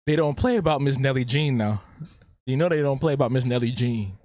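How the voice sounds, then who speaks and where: A man's voice: mid-range voice, quick pace, a little mellow, no room sound, clean studio sound. Playful man chatting on a live stream. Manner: playful, talks back to the chat, repeats himself. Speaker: streamer and artist. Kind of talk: casual live-stream chat.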